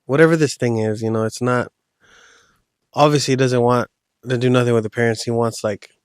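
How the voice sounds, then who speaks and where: A man spins a spooky tale in a loose, rambling way, like chatting with a friend. His voice sits at a middling pitch and sounds dry and close, with no room around it. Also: fairly even intonation, fairly quick, smooth, dry recording. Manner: loose, rambling retelling with slang. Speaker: podcast host telling a horror story. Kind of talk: casual storytelling.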